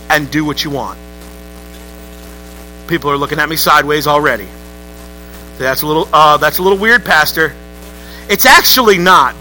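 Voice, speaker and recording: A man's voice: sits high, bright, forceful tone, poor audio. A male pastor preaching a sermon in a church, telling a story in a conversational way and building to emphatic peaks. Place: church sanctuary.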